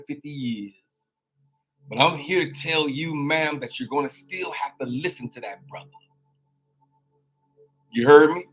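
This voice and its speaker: A man giving a folksy, preachy motivational talk as a life coach, husky-voiced and drawn out. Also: mid-range voice, fairly bright tone. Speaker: life coach and show host. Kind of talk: casual motivational monologue.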